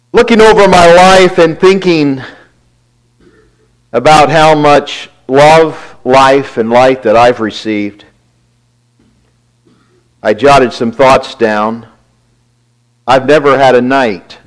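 A man giving a devotional talk, earnestly retelling a friend's words and quietly counting his blessings. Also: mid-range voice, rough recording. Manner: reflective, quiet listing of blessings.

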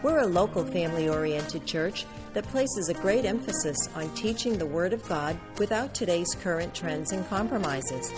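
A woman reading a scripted welcome for a church radio program in a smooth, welcoming way. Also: medium pitch, rough recording. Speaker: radio ministry announcer. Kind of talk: scripted announcement. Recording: music bed behind the voice. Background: music.

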